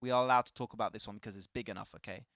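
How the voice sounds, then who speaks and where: A young French-speaking esports caster with a French accent commentates live on a mobile game tournament, playful and quick to laugh, rising into excited calls on big plays. His fairly low voice comes rapid-fire with no echo.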